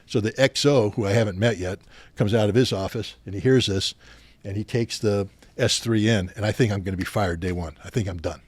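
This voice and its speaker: Low-voiced man telling war stories. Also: fairly quick, slightly rough, no room sound. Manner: animated anecdotes, louder when retelling confrontations. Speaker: podcast guest. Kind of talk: storytelling interview.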